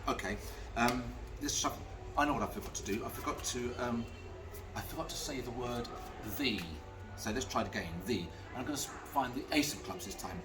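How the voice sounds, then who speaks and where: A magician at medium pitch, speaking a little fast, chats his way through card tricks in storytelling fashion with wry, self-mocking asides. He's off the mic, captured from a distance with music playing.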